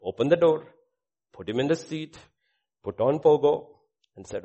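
A middle-aged male pastor delivers a sermon built around his own testimony, moving between loud proclamation and quiet asides. His voice sits in the mid-range at a moderate pace, broken by long pauses, and the audio sounds dull.

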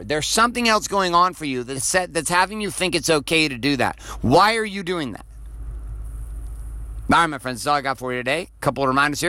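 A man delivers a motivational podcast monologue in a forceful, tense voice pitched a little high. He speaks bluntly, swears freely and stacks repeated rhetorical questions to push his point home. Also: dry recording. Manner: repeats phrases for emphasis. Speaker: podcast host.

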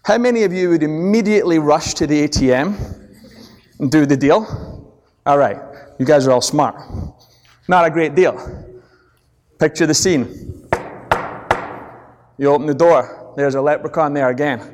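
Middle-aged Scottish male seminar speaker, lively storyteller, fairly high voice, echoey hall. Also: normal speed, pauses often. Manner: animated storytelling, checks in with the audience. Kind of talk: business seminar talk. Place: large presentation hall. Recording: long echo of a large hall.

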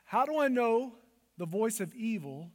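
A man preaching a sermon, dropping to hushed asides and rising to loud, emphatic declarations. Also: very high voice, expressive, measured pace, long reverb tail. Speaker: pastor.

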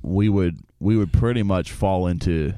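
A man's voice: sits low, moderate pace, mellow, no echo. A young man co-hosting a radio talk show, chatting in an easygoing way in a studio. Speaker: radio co-host.

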